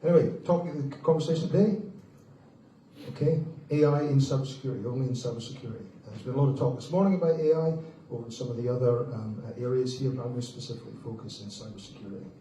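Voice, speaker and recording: Man, conference speaker, rapid delivery, mellow tone, brisk and joking, roomy hall, distant mic. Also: medium pitch, slight background noise. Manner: brisk, joking, conversational, addresses the crowd as folks. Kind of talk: conference keynote talk. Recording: echoey hall, distant mic, faint ambience.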